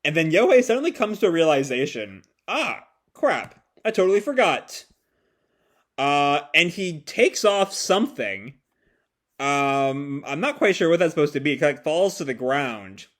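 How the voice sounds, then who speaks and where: A man's voice: on the high side, sing-song, normal speed. A young man reading and reacting to a comic chapter aloud, casual, with lots of fillers, swearing and laughs. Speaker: manga reaction reader.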